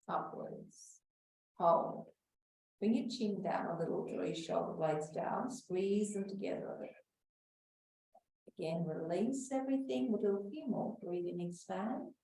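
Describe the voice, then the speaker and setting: Female instructor, calm and steady cueing, dark mellow tone, recorded far off mic in a roomy space. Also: medium pitch, slight background noise. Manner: calm, slow cueing of breaths with soft whispered moments. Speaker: exercise class instructor. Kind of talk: guided breathing and back-care class. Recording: echoey room, voice from far off the mic.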